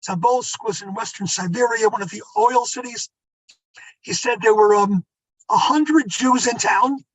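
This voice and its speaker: A man's voice: high voice, a little slow, dry recording, rough recording. An older man, a rabbi, telling stories to an audience in a conversational way, with asides to his listeners. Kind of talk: storytelling talk.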